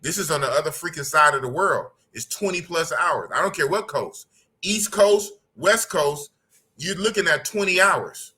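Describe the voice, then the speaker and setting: Podcast host: man, middle-aged, bright and forceful, a little high, blunt slangy talk. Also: animated, moderate pace, slightly rough. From United States. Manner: blunt, slangy, repeats his points. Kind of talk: casual podcast talk reading live chat.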